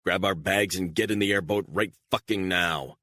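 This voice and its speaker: A man's voice: sits low, normal speed, sharp tone, no echo, clean studio sound, voice pushed up. A man as a cold, curt spy. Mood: stern. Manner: curt, firm commands. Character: cold, controlled male covert operative.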